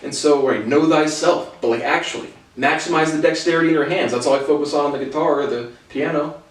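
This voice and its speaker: A man's voice: a little high, fast talker. A man talking alone in a blunt, rambling way, swearing freely and often restarting his sentences. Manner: blunt, profane, repeats "again" and restarts. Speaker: solo commentator. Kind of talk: rambling solo monologue. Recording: very echoey room, distant mic.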